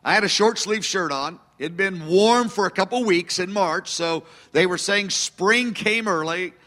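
Bright, high-voiced male pastor. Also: unhurried, in a large hall. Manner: anecdotal, self-deprecating, chuckling asides. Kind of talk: storytelling sermon.

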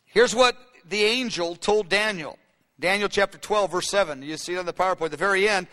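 A man's voice: sits high, a little fast, fairly bright tone. A man preaching a sermon, telling a story with many fillers and restarts. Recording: long hall reverb.

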